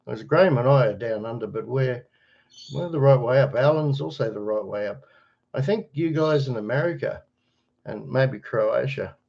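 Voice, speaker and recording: A middle-aged Australian man chats loosely to his livestream viewers, wandering between stories, greeting people by name and chuckling at his own jokes. His voice sits in a plain middle pitch. The webcam microphone gives the sound a slightly dull, muffled edge. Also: creaky, slightly rough. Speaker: livestream host. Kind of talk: casual livestream chat answering viewers.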